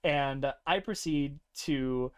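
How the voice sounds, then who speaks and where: A young man co-hosting a podcast, casually recounting a tabletop game session with lively laughter. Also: slow, clear, resonant tone. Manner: animated, laughing often, breaks into high-pitched character voices. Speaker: podcast co-host.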